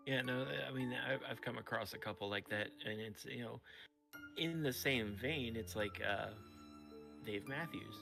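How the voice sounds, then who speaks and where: Laid back guy guesting on a chat show, agrees a lot, ums and uhs, music playing clearly in back. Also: mid-range voice, wildly swooping pitch, moderate pace. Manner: easygoing, agreeable, lots of fillers. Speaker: guest, voice actor. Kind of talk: casual video chat.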